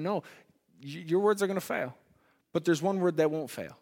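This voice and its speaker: A man preaching a sermon in a church hall, swinging between loud emphatic lines and hushed ones. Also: fairly high pitch, moderate pace. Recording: long hall reverb.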